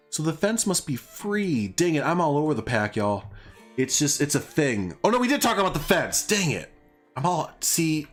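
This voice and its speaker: This game streamer has a Southern US accent and a somewhat high, very animated voice at normal pace. He rambles through live gameplay commentary, chuckling and making fun of himself while faint music plays behind him.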